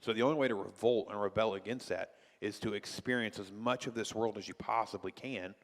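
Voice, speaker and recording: A man's voice: fairly low pitch, steady tone, brisk, long reverb tail. A male pastor teaching a church class in a conversational way, full of rhetorical questions. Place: church hall.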